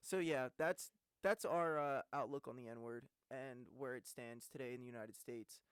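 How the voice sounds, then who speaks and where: A young man in his twenties co-hosting a casual podcast chat, animated and quick to laugh and cut in. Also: medium pitch, smooth, no room sound. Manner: animated, laughs often, jumps in. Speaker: podcast co-host.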